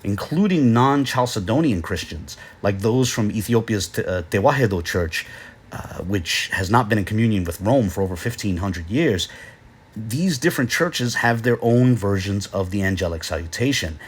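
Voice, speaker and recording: A man narrating an explainer lesson in a measured, explanatory way, pausing often with filler sounds. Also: lowish voice, expressive, breathy edge. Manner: measured, explanatory, with frequent "uh" pauses. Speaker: video lecturer.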